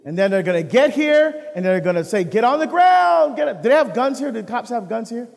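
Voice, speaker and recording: A man from the United States preaching a sermon as a deacon, lively and full of rhetorical questions. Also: high-pitched, fast talker, vocal fry, long reverb tail.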